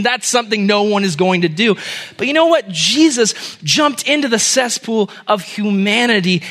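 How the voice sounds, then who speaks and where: A man preaching as a youth pastor, telling jokes and stories in an animated way. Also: high-pitched. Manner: animated, joking, fast storyteller. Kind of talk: sermon with humorous storytelling.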